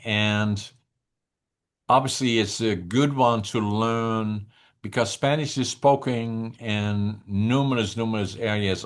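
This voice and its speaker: An older man from the northeastern Netherlands with a Dutch accent, a native Dutch speaker talking as a guest in an interview, deliberate and halting, with restarts. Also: on the low side. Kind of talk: interview conversation.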